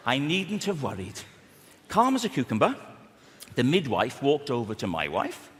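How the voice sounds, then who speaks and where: A man from Wales telling a long story on a theatre stage, slow and dramatic. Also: medium pitch, big pitch swings, a bit bright, in a large hall. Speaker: stand-up comedian. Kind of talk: stand-up storytelling.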